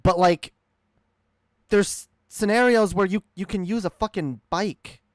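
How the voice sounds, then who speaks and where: A man's voice: high voice, a little slow, dry recording, studio quality. A man streaming a reaction, ranting in a heated, profane, rambling way.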